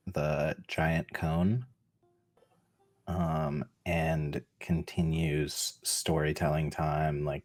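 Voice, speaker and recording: A man playing in a tabletop game, describing his character slowly and in a relaxed way. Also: rumbling low. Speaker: player.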